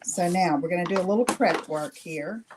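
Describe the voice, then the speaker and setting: This live craft demonstration is hosted by a middle-aged woman whose voice is on the low side and whose pace is moderate. She keeps chatting with viewers, tacking an "okay?" onto each step, against background noise.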